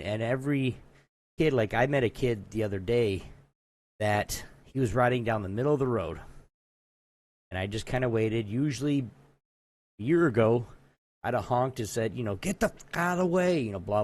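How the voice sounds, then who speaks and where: A man's voice: lowish voice, normal speed, pauses often, a little mellow. A man co-hosting a podcast, telling a long story in casual chat, rambling with lots of asides. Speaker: podcast co-host.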